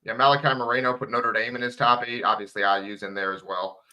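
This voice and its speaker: A man's voice: medium pitch, fairly even intonation, fast, bright, forceful tone, poor audio. A man on a sports radio show as a guest reporter, chatting casually and filling with "like" and "right.". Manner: fills with "like" and "right".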